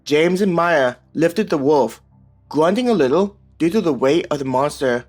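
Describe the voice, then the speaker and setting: A man's voice: on the high side, animated, normal speed. Man narrating a web novel over music. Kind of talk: scripted audiobook narration. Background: soft background music.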